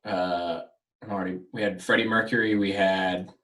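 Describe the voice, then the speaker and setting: A man's voice: low-pitched, fairly even intonation, moderate pace, fairly bright tone. A man co-hosting a movie podcast, joking and emphatic in casual chat. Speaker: podcast co-host. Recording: voice a bit far from the mic.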